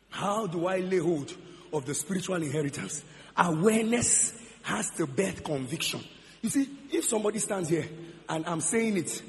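A man with a Nigerian accent preaching a sermon as pastor, repeating phrases and swinging from shouting to quiet. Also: high voice. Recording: long hall reverb.

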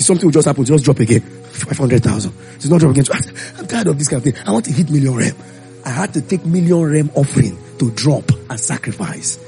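A man preaching a sermon, telling Bible stories and acting out the voices of the people in them. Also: a little high. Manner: animated storytelling, acting out voices.

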